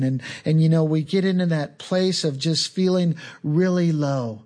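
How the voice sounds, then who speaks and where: A man preaching a sermon in a slow, earnest, conversational way, often leaning on casual asides to the listeners. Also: fairly high pitch, darkish tone. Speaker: pastor.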